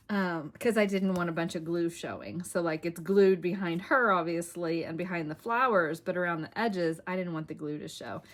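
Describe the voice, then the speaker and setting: A middle-aged woman hosting a casual crafting vlog, chatty and self-deprecating, with plenty of fillers as she walks through a finished project. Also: lowish voice. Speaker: crafting channel host.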